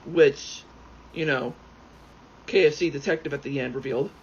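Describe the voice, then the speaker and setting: A man rambling excitably as he plays a game, swearing freely and often going off on tangents. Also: on the high side, moderate pace, husky. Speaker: gaming YouTuber. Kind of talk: casual commentary while playing. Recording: dull lo-fi sound with faint background noise.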